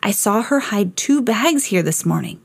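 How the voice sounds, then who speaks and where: A woman voicing a curious, confident young schoolgirl in a read-aloud storybook, in an earnest, measured way. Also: medium pitch, animated, gravelly, slightly rough, no room sound.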